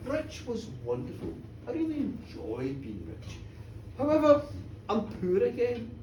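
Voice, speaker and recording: A woman's voice: fairly high pitch, huge pitch swings, a little slow, mellow, a little hiss or hum. A woman voicing a simple, hopeful poor farmer who talks earnestly and eagerly. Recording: echoey pub room, distant mic.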